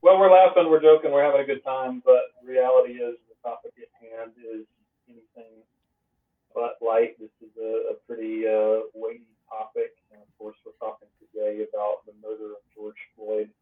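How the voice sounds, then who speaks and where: A man's voice: medium pitch, flat delivery, moderate pace. A young man hosts a podcast, upbeat and joking, then turns to asking questions. His voice comes through a narrow, phone-like band. He sits back from the microphone. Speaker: podcast host and pastor. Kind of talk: casual podcast conversation. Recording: tinny phone-like line, distant from mic.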